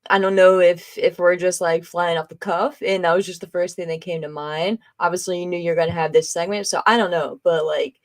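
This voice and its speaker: A woman's voice: on the low side, fairly even intonation, fairly quick, few pauses. A woman hosting a live podcast stream, reading viewer comments aloud in a loose, chatty way, laughing often and making exasperated asides. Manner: exasperated, eye-rolling asides. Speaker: podcast host.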